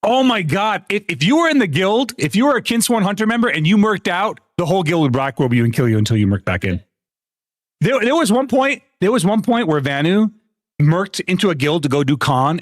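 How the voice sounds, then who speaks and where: Animated, swearing male streamer. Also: a little high, fairly quick, dry recording, clean studio sound. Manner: animated storytelling, swearing, frequent laughter. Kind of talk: casual live-stream chat.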